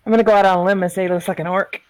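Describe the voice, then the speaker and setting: A woman's voice: medium pitch, fairly even intonation, very fast. A woman playing a tabletop game, chatting casually with a wry, dry sense of humor. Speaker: player.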